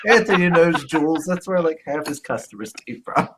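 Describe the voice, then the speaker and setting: A man's voice: fairly high pitch, expressive, normal speed, very noisy. A man co-hosting a casual podcast, teasing his guest and laughing often. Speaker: podcast co-host.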